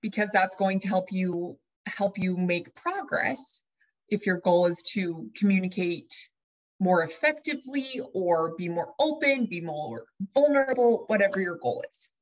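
A woman coaching her listeners, whose talk is lively and chatty and who slips into dramatic inner voices to make her point. Her voice sits at a middle pitch. The recording is a little dull and lo-fi. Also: a little slow. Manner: lively, shifts into dramatic inner voices when acting out examples. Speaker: life coach. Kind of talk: teaching talk to an audience.

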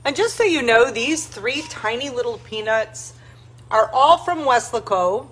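A woman's voice: fairly high pitch, animated, measured pace, fairly bright tone, husky. A woman leads a dog rescue and chats casually on a livestream, cooing doting baby talk at puppies between greetings to viewers. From South Texas. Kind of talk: casual live-stream chat.

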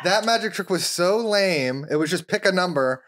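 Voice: medium pitch, animated, normal speed, a bit bright. Laughing podcast co-host chiming in. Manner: laughs often, chimes in over the host. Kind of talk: casual chat.

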